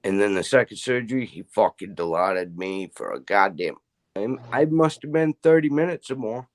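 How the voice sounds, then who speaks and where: A man's voice: lowish voice, animated, normal speed. A middle-aged man in casual chat, telling rambling stories full of swearing. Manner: profane, rambling storyteller.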